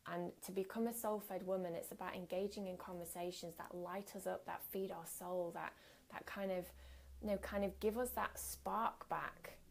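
A woman's voice: lowish voice, gravelly. A woman giving a candid, earnest workshop talk as a coach, speaking conversationally with occasional fillers.

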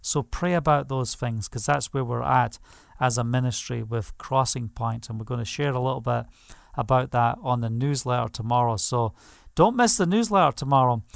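A man's voice: mid-range voice, normal speed, creaky, dry recording, studio quality. A man pastor preaching a passionate sermon, declaring over property and leading prayer.

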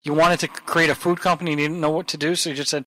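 A man's voice: fairly high pitch, flat delivery, rapid-fire, sharp tone, no echo, rough recording. A man co-hosting a podcast, bantering in a jokey, playful way. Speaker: podcast co-host. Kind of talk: casual banter.

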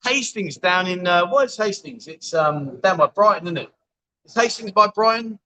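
A man's voice: sits high, expressive, normal speed, pushed and bright, rough recording. Chatty man hosting a livestream. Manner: chatty, matey, addresses viewers as mate. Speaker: livestream host. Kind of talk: casual livestream chat reading viewer comments. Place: bar, indoors.

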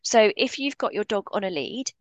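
A woman speaking as a dog behaviourist on a podcast, blunt and impassioned in how she puts things. Her voice sits in a middle pitch, and the recording is dry and close. She talks with firm conviction. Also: expressive, moderate pace, dry recording. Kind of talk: podcast interview.

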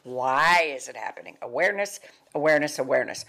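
Older female wellness speaker, low voice, emphatic, repeats key points like a coach. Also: expressive, fast, vocal fry, fairly bright tone. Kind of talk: motivational talk.

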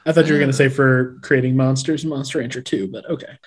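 A man's voice: medium pitch, fairly even intonation, fast, slightly rough. A man co-hosting a podcast, chatting casually and eagerly about games he loves. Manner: enthusiastic, nostalgic game fan. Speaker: podcast co-host. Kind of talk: casual chat.

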